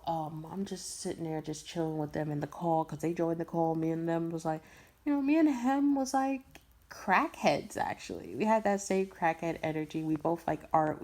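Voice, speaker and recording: A young woman from Brooklyn, telling a personal story in a loose, rambling way. Her voice sits a little on the low side. She circles back, repeats phrases and peppers it all with slang. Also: vocal fry, dark tone. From Brooklyn, New York. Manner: rambling, repeats herself, frequent laughs and slang. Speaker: voice impression creator. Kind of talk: casual storytelling.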